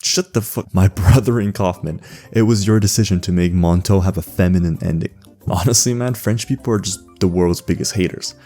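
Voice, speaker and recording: With a voice that sits low, a warm tone and a slightly fast pace, a young Canadian man hosts a language-learning video. His comedic voice-over is sarcastic and jokey, broken by laughs mid-sentence, with faint background music.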